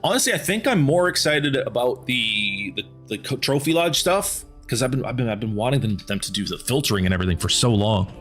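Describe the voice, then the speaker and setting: A man streaming a game and chatting casually with viewers, rambling and repeating words as he thinks aloud, his voice going hoarse. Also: mid-range voice, expressive, a little fast, hardly any pauses, fairly bright tone, soft background music. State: losing his voice.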